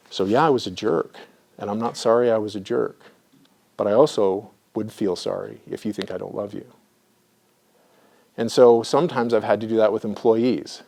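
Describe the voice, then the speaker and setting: A man's voice: mid-range voice, darkish tone. Middle-aged guy lecturing, tells lots of stories, keeps asking "okay?", medium voice. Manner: storytelling, often checks in with the audience. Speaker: clinical supervisor and presenter. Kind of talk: conversational lecture with anecdotes.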